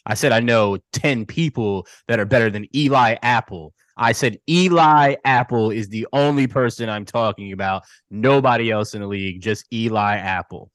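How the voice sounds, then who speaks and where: A man's voice: lowish voice, moderate pace, hardly any pauses, no room sound. A man co-hosting a casual sports podcast, joking and emphatic, often laughing as he argues. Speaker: podcast co-host.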